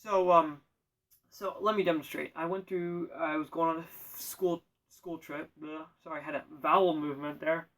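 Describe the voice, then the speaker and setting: A man spins a rambling comic monologue in a deadpan manner, tripping over his words and correcting himself. His voice sits fairly high for a man. He sounds distant from the microphone. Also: normal speed. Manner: deadpan, self-correcting, absurd asides. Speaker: storyteller.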